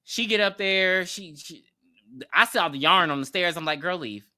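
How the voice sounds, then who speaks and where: A co-host on a podcast gives a horror movie recap in chatty, slang-heavy, profane style, laughing often and performing lines along the way. The mid-range voice moves at a normal speed with an animated storytelling feel.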